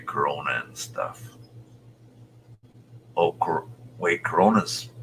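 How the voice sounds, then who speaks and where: A man in his sixties from Utah, a show host chatting casually with viewers, rambling and muttering soft half-whispered asides. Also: rumbling low, a little hiss or hum. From Utah, USA. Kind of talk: casual livestream chat.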